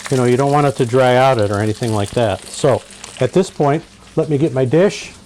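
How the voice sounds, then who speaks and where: A fishing captain with a medium-pitched, slightly mellow voice talks fairly quickly as he walks through a fish recipe step by step in a casual cooking demonstration. The low-quality recording has a little hiss or hum.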